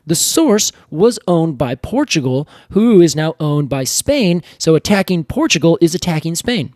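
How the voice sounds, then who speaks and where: A man co-hosting a casual podcast, telling a history story with lively acted-out quotes. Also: a little high, normal speed, dry recording, clean studio sound. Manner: animated storyteller acting out historical figures in quoted voices. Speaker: podcast co-host. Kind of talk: casual educational chat.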